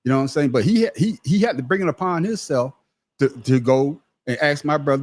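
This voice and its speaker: Middle-aged man, podcast panelist, casual storytelling, profane and emphatic, a bit higher-pitched, stumbles into his sentences. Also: expressive, fast talker, darkish tone, husky. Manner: profane, emphatic, repeats his words when starting.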